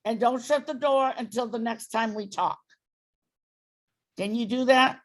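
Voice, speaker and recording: A woman's voice: fairly high pitch, a little slow. A woman dog trainer giving a client patient, step-by-step instructions. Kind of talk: coaching a client through training.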